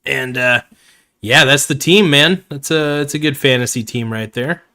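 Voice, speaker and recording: A man chats loosely on a live stream, full of "um" and "uh" and friendly asides to his viewers. His voice is a little worn, as if he is starting to lose it. He sits in an everyday middle register, neither high nor low. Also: normal speed, pushed and bright. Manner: rambling, filler-heavy, calls viewers "man" and "guys". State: slightly losing his voice. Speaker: fantasy football video host. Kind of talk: casual live-stream chat.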